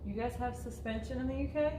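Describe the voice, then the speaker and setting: A woman's voice: on the high side, fast. A woman co-hosting a party game in casual chat, giggly and a little nervous. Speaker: co-host playing a party game. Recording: roomy room with faint noise.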